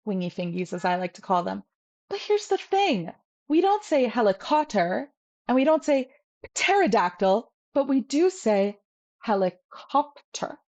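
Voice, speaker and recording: Woman, lecturer, playful and explanatory, mid pitch. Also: a little mellow. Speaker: language teacher.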